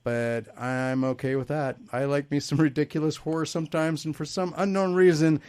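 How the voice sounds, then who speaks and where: A man's voice: a little high, level tone, normal speed, a little mellow, clear, resonant tone. A man hosting a casual panel chat about movie trailers, rambling and laughing often. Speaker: host.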